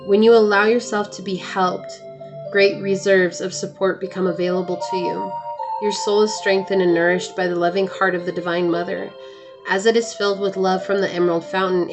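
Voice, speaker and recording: A woman giving a tarot reading to her viewers, reading card texts aloud and offering gentle, encouraging advice. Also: medium pitch, level tone, normal speed, over music. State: hiccuping. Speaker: tarot reader.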